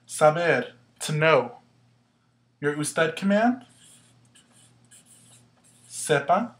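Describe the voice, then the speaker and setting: A male teacher with a voice on the higher side for a man, walking through a grammar lesson in a relaxed, chatty way. He stops to correct himself and fills pauses with "um", keeping a patient tone. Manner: casual, patient, with frequent fillers and self-corrections. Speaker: Spanish teacher. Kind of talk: whiteboard lesson explanation.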